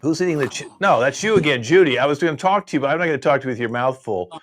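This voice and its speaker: An older man hosting a live improv comedy show over a video call, playing an exasperated professor who scolds his class with rapid questions. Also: a little high, expressive, a little hiss or hum.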